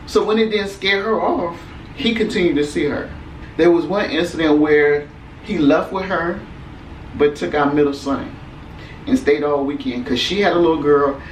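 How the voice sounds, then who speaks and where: A woman's voice: low voice, a little slow. A woman tells her own story straight to the camera, leaning hard on key words in a loose, conversational way. Her voice rings off the walls of a roomy space, and it sounds like the mic is sitting some distance away. A faint hum runs underneath. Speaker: vlogger telling a personal story. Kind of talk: storytime vlog.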